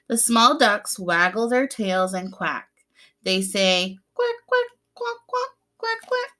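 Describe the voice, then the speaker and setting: A young adult woman, a preschool teacher, reading a picture book aloud to young children, gently explaining the pictures, asking them questions and playfully acting out the sounds. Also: medium pitch.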